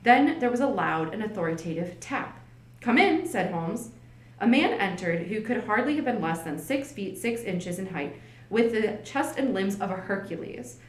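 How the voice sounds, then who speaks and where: A woman reads an old detective story aloud at an easy, unhurried pace, giving the characters light voices of their own. Her voice sits in the middle of the range, neither high nor low. The recording carries a noticeable room echo. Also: animated. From United States. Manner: plain narration with light character voicing, chatty asides. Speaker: library staff reader. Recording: roomy echo.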